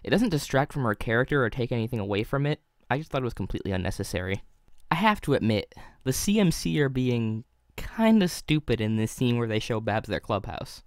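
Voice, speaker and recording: A man's voice: mid-range voice, big pitch swings, a little fast, dry recording, studio quality. Wry young man narrating a review. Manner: analytical, wry asides. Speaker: video reviewer.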